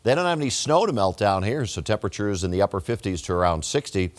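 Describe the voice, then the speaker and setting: A man presenting a TV weather forecast in a relaxed, conversational broadcast manner, recorded in a studio on a lapel mic. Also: fairly low pitch, fast talker. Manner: relaxed, conversational delivery with casual phrasing. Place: television studio.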